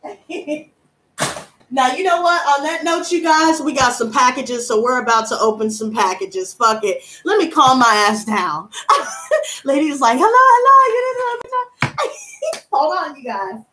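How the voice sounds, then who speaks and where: A woman's voice: sits high, a little slow, fairly bright tone, reverberant, a little hiss or hum. A woman in her twenties, a tarot reader and streamer, chatting casually on a livestream with blunt, profane, heated talk. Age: 20s.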